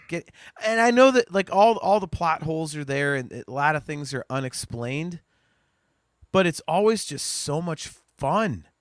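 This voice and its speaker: A man co-hosts a podcast, chatting casually while he rambles, restarts sentences and swears without restraint. His voice sits a little high with a fairly bright tone, recorded dry with a clean studio sound.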